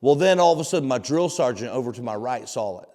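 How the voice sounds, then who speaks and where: A man's voice: mid-range voice, animated, quick pace, a little mellow. A man hosting a short devotional, telling a personal story in an earnest, folksy way. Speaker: devotional host. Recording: long hall reverb.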